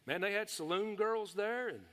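A middle-aged man preaching a sermon, folksy and excitable, breaking into shouts of praise. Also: high-pitched, normal speed. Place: church hall. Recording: long hall reverb.

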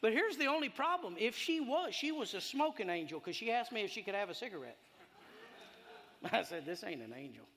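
A man preaching with a high, bright, ringing voice. He tells his story in a folksy way, with sudden loud bursts and quiet asides. A long hall reverb trails every phrase. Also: brisk. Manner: folksy, animated, swings from shouting to hushed. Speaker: pastor. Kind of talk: sermon with storytelling. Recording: echoey hall.

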